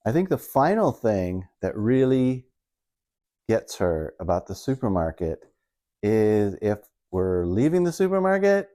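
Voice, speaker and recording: In a warm, medium-pitched voice, a middle-aged comedian does easygoing stand-up, wandering through self-deprecating tales of everyday life with his wife.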